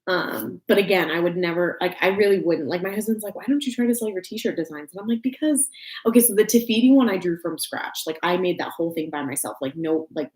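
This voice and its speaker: A young woman with a Texan drawl chats loosely on a home crafting livestream, full of fillers, restarts and giggles. Her voice sits a little low. The room around her is echoey. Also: fast talker, darkish tone. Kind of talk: casual livestream chat. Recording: roomy home echo.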